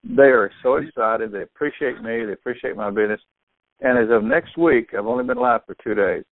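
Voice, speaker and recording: An older man, a store owner telling sales stories excitedly over a tinny phone line, acting out what people said. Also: mid-range voice, a little fast, dry recording. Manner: excitable storyteller, acts out quotes. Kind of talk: phone conversation.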